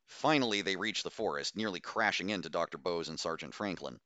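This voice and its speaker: A man reading a science fiction novel aloud in steady, measured audiobook narration. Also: low voice, dry recording.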